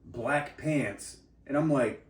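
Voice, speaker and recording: A podcast co-host with a mid-range voice tells a heated, profanity-laden story in a casual chat, taking it slowly and mimicking the people involved. He's recorded from a distance, giving a roomy, off-mic sound.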